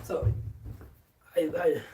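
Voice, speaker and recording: Unhurried, rambling workshop streamer of mid pitch; loose filler-heavy chat, casual cursing, sits back from the mic. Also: warm tone, recorded from a distance, slight background noise. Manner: rambling, many fillers and restarts, casual swearing. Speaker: livestream host. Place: basement workshop.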